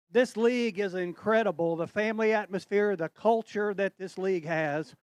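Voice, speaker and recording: A man's voice: high voice, normal speed, hardly any pauses, clean tone, dry recording. Heartfelt middle-aged angler man. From Tennessee. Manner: heartfelt, earnest, slightly choked up. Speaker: tournament angler. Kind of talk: on-stage interview.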